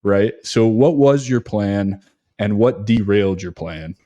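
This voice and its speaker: A man's voice: lowish voice, animated, unhurried, mellow, no room sound, dull audio. A male podcast host talking emphatically in a conversational interview, often repeating his words while he thinks.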